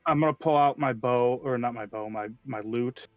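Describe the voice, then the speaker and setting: A man's voice: mid-range voice, normal speed, no echo. A man playing a tabletop role-playing game who reasons through plans aloud decisively. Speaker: player. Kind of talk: casual tabletop play. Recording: dull, dry lo-fi mic.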